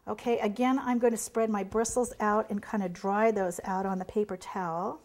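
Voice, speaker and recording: Middle-aged lady pastry chef walking you through painting a cake, chatty and encouraging, mid pitch. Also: fairly even intonation, moderate pace, a little mellow. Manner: chatty, encouraging, drops to a near whisper while working. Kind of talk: demonstration tutorial.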